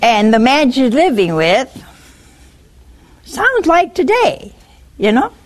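A woman preaching a sermon in a lively, high voice that swings up and down. She talks slowly and throws pointed questions straight at her listeners. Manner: animated, questioning the listeners directly.

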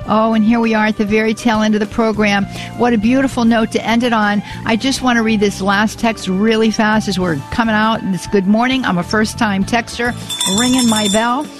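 A woman's voice: a little high, little pitch movement, brisk, hardly any pauses, soft background music. Effusive woman hosting call-in radio. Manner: effusive, repeats praise words, many restarts. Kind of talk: Catholic call-in radio talk.

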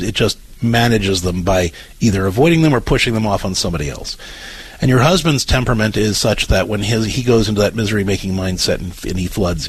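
A middle-aged man hosting a call-in advice show, explaining calmly and often repeating words as he starts a phrase. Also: medium pitch, slightly rough, rough recording. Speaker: radio advice show host.

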